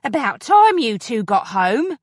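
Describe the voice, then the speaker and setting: A woman voicing a bustling, fussy housekeeper who exclaims and frets, with a lively, fairly high voice. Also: measured pace, no echo, studio quality. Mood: fussing. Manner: fussing, bustling.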